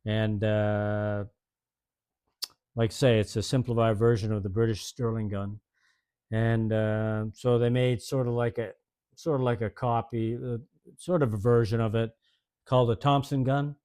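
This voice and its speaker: A man's voice: fairly low pitch, level tone, a little slow, dark tone, smooth. A man in his sixties casually telling old stories in a folksy, rambling way, chuckling often. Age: 60s. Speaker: host telling service stories. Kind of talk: casual storytelling.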